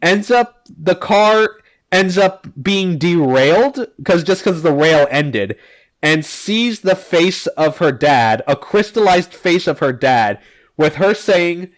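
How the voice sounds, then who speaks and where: A man's voice: high-pitched, lively intonation, takes it slowly. A man hosting a casual podcast, recapping comics in a rambling, filler-heavy way with the odd swear. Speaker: podcast host.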